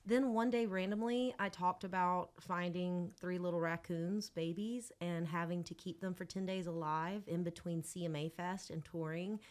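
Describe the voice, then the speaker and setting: Gal telling long stories on a podcast, kinda low voice, chatty. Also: female voice, steady tone, moderate pace, hardly any pauses. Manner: chatty storyteller, talks with her hands. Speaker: guest musician. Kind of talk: casual podcast chat.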